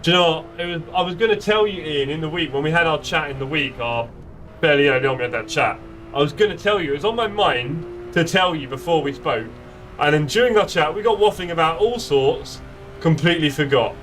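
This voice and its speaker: Higher-voiced guy bantering away on a racing stream, sounds a bit off-mic, faint hiss and car noise. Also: expressive, fairly quick, fairly bright tone, far from the mic. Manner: chatty, playful banter while driving. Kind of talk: live gameplay chat. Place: home sim racing setup.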